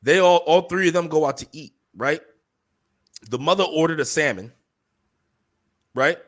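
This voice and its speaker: At a moderate pace and with a fairly high pitch, a young man co-hosts a podcast and relates a story. The chat is casual and full of profanity, and he's animated, acting out each person he quotes.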